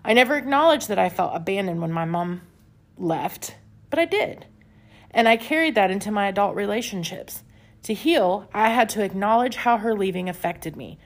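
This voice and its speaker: A woman talks openly about her past on her podcast, her voice carrying a gravelly fry. She speaks in a candid, confessional way at a middle pitch, with soft laughs slipping in. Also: lively intonation, moderate pace. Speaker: podcast host. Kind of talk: personal self-help podcast talk. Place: home with pets nearby.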